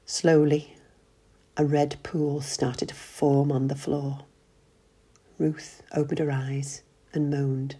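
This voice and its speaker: Husky low-voiced woman storyteller, steady read-aloud. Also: slow, long pauses. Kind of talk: reading a short story aloud.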